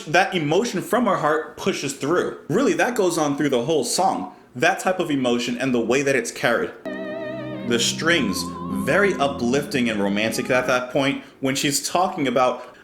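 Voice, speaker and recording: A man's voice: a little high, a bit bright, roomy sound. A man giving casual, thoughtful commentary while reacting to music, explaining what he hears. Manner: thoughtful, explanatory, pauses to restart.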